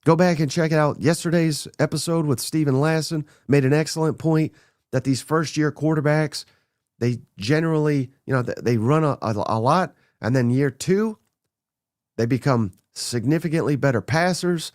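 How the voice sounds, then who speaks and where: Excitable man, dry close mic. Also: on the high side, dry recording. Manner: blunt, excitable, runs through names rapid-fire. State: a little under the weather. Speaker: podcast host. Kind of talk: casual sports talk monologue.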